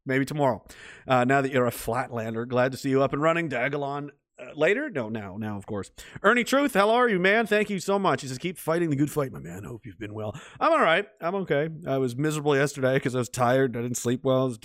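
A man's voice: mid-range voice, expressive, quick pace, fairly bright tone, no echo, studio quality. A middle-aged man hosting a casual livestream, reading out chat messages and rambling in a profane, mocking way, with frequent laughs.

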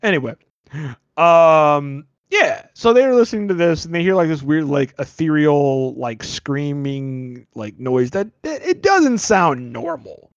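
A man's voice: on the high side, big pitch swings, unhurried, smooth, no echo, muffled recording. A man hosting a podcast, rambling and joking in a casual movie review chat. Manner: rambling, joking, self-deprecating. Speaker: podcast host.

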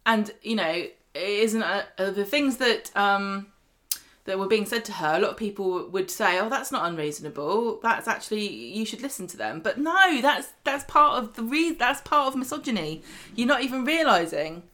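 Woman podcast co-host, mid pitch, chatty and animated soap recap. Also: moderate pace. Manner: chatty, animated retelling with quoted voices. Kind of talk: casual chat recapping a soap.

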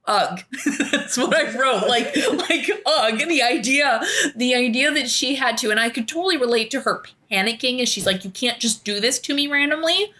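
A young woman chatting casually about a book she has just read. Her voice is bright and clear, and she talks in a rambling, animated way, breaking off into groans, sighs and restarts. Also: a little high, moderate pace. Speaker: book club podcast co-host.

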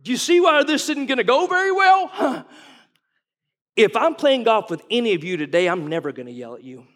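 A man's voice: extremely high pitch, sing-song, fairly quick, fairly bright tone. A man in his forties, a guest pastor, preaching in a folksy, conversational way and asking the congregation questions. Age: 40s. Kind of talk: sermon. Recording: long reverb of a large hall.

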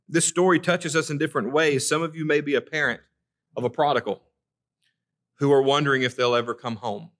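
This man's voice sits at a medium pitch with a touch of brightness. He's a pastor giving an earnest, conversational sermon in church, reading from scripture and frequently tripping over and repeating the opening words of his sentences.

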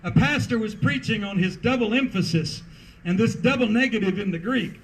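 A man's voice: sits high, normal speed, slight background noise, poor audio. A man preaching a sermon as pastor at an outdoor parking lot service, emphatic and rhythmic with repeated refrains.

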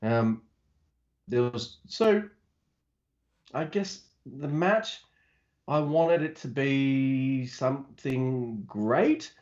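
A man's voice: medium pitch, lively intonation, drawn-out words, pauses often, a little mellow. A man co-hosting a casual wrestling podcast, laid-back and recapping matches with dry jokes. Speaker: podcast co-host. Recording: slightly dull lo-fi audio.

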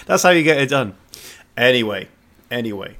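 A man with a lively, swooping voice recaps a film on a podcast. He reads the plot summary aloud in a steady way, then drops into joking asides with his co-host. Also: mid-range voice, moderate pace. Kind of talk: casual movie recap chat.

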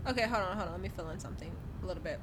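A woman's voice: fairly low pitch, very fast, a crowd in the background. A woman co-hosting a podcast, chatting casually and jumping in to add details and quoted asides. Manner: bright, interjecting, adds details with quoted asides. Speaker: podcast co-host. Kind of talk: casual recap chat.

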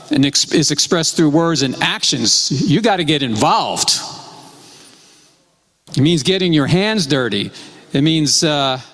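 A man preaching a sermon in a measured way, repeating his key phrases. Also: fairly high pitch, fairly bright tone. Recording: long hall reverb.

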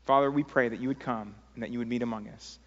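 A man's voice: medium pitch, fairly even intonation, quick pace. A man preaching a sermon as pastor, earnest and pleading, telling stories with many fillers. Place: church sanctuary. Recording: dull sound in a long-reverb sanctuary.

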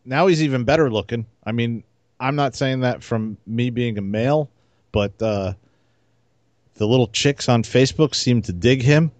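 一位男性播客联合主持人，随意闲聊，说话轻松，爱开玩笑调侃。. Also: male voice, medium pitch, normal speed, darkish tone, no room sound, muffled recording. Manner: joking, teasing, laid-back. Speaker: podcast co-host. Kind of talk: casual chat.

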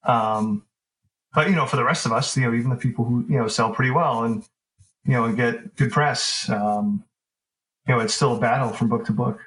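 A man being interviewed as an author, talking in a relaxed, rambling way with lots of fillers and restarts. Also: medium pitch, brisk, low-quality recording. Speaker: author guest. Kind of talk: casual interview conversation.

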